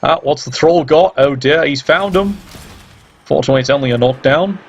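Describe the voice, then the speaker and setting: A man's voice: on the high side, brisk, muffled recording, slight background noise. Sardonic man commentating a game. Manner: sardonic, teasing, swears freely. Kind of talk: casual play-by-play commentary.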